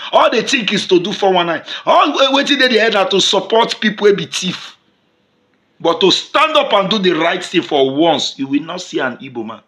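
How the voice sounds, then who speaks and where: A man with a Nigerian accent giving impassioned commentary to camera, emphatic and repetitive, swinging from loud outbursts to low mutters. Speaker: vlogger.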